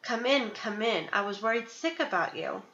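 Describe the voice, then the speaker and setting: A woman's voice: fairly high pitch, expressive, normal speed, fairly bright tone, roomy sound, dull audio. A woman doing a doting old granny. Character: kindly fussing old grandmother.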